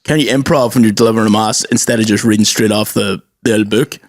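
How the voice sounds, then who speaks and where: A man's voice: on the low side, steady tone, quick pace. A man co-hosting a podcast, riffing in rambling, jokey casual banter. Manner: rambling, jokey, riffs on ideas. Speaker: podcast co-host.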